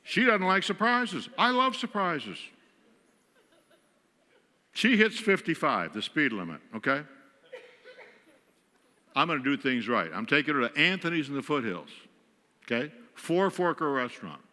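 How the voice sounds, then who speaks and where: A guest speaker from western New York tells wry, self-mocking stories about married life from the pulpit. His voice is bright and forceful. It rings with the long reverb of a church sanctuary. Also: a little high, animated, unhurried, long pauses. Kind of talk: humorous storytelling sermon.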